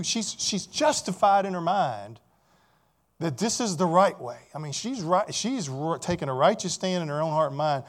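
Male pastor, sermon delivery, high voice with wide swings, peppers listeners with questions. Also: expressive, normal speed. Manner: preaching, keeps asking listeners rhetorical questions.

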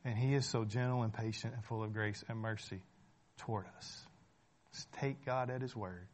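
A man's voice: on the low side, steady tone, a little fast. A man preaching a sermon in a conversational way, asking rhetorical questions, checking in with the listeners and repeating phrases for emphasis.

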